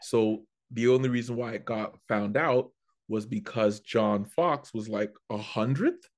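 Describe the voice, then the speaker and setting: A man, a comedian, telling a story in a casual chat, animated and prone to restarting his sentences. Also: fairly low pitch, measured pace. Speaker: comedian guest.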